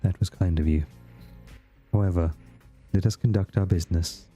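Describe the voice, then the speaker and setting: A man's voice: low-pitched, steady tone, moderate pace, mellow, breathy edge, soft background music. A man voicing a weary, proud woman seer in a game, speaking in a formal, archaic, dismissive way.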